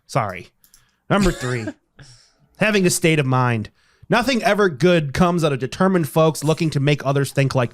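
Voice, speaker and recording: A man co-hosting a comedy podcast, reading a silly top-five list in a deadpan, mock-ranting way. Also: a little high. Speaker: podcast co-host.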